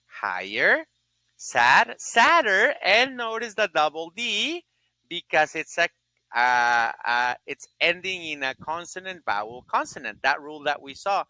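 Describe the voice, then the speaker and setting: A teacher records a grammar lesson, saying each word and its comparative slowly and with a lot of lift and fall in the pitch. The tone is bright and clear. The sound is close and dry, with no room around it. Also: no echo. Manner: drills word pairs, asks questions and answers them.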